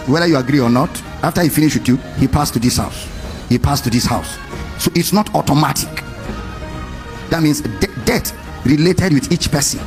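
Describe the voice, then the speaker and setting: A male preacher giving a lively sermon, questioning his congregation and stretching words in a sing-song way. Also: fairly high pitch.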